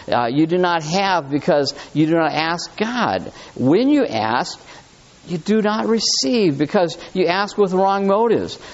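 With a high voice and the highs cut off in the recording, a pastor preaches in a conversational, animated manner. He reads scripture aloud and talks it through with his listeners.

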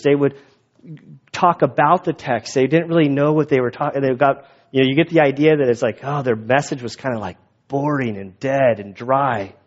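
A man's voice: on the high side, darkish tone. A male pastor giving a casual, conversational sermon, in a dull lo-fi recording. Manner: casual, quick, conversational with restarts.

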